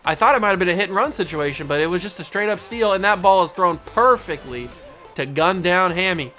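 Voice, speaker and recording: Excitable man narrating a baseball video game. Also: high voice, soft background music. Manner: excitable, pleading with the game out loud, quick swings to yelling. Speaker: gaming channel host. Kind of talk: casual video game play-by-play commentary.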